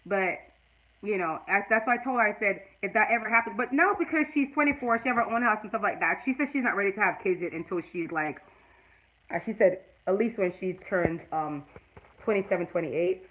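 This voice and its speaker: A woman's voice: medium pitch, animated, fairly quick, a bit bright, poor audio. A woman in her forties talking to her live chat in a personal vlog, earnest and at times tearful, then emphatic and preachy. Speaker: YouTube vlogger.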